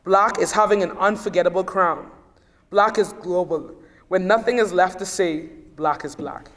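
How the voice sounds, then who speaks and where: High-voiced young man declaiming poetry. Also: moderate pace, fairly bright tone. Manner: proud, declamatory delivery. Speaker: student poet. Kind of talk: spoken-word poetry reading. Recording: long reverb in a large room.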